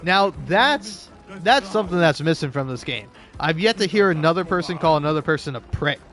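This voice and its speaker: A man's voice: fairly high pitch, lively intonation, brisk. A man giving casual, rambling and profane commentary while playing a video game. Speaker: gaming YouTuber. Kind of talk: casual let's-play commentary.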